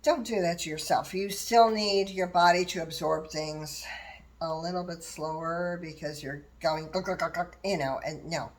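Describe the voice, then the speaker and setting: A woman's voice: lowish voice, measured pace. An older woman chatting casually to viewers in her kitchen, rambling as she shares plant-based diet tips while making a salad. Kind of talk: casual how-to chat while preparing food.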